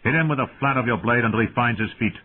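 A man voicing a cold, sharp older master-at-arms who mocks his recruits, heard through tinny phone-like audio. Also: mid-range voice, fast, husky, voice pushed up, natural voice. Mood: scornful. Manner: cold, cutting and mocking.

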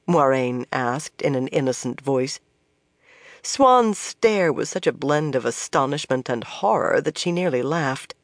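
A narrator giving a measured, expressive reading of a novel. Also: medium pitch, no echo, clean studio sound. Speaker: audiobook narrator. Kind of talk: scripted narration.

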